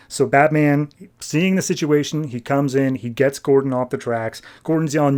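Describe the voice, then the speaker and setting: Man, podcast host, casual comic recap, mid-pitched voice, quotes characters loosely. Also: steady tone, darkish tone. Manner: retells scenes quickly, acting out quotes loosely.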